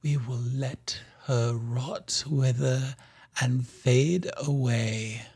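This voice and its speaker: A man voicing a surviving sibling who speaks slowly and quietly with spite. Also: mid-range voice, fairly even intonation, breathy edge, no room sound, studio quality, full character voice. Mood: cold.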